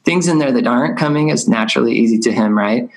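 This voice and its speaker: A man's voice: mid-range voice, fast, low-quality recording. A man hosting a podcast conversation, thinking aloud in a loose, rambling way. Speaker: podcast host. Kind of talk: casual conversation.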